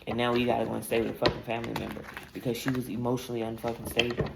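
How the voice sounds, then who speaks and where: Woman tarot reader, gravelly and blunt, profane, in an echoey room with steady noise behind her. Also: a bass voice, rapid-fire, hardly any pauses. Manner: blunt, profane, emphatic storytelling. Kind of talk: casual spiritual reading monologue.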